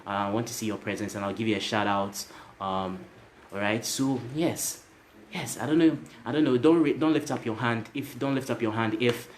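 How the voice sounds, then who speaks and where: A motivational speaker with a mid-range voice and a moderate pace recounts a story for his livestream viewers, addressing them directly. He's repetitive and tags lines with "right?", and there's slight background noise.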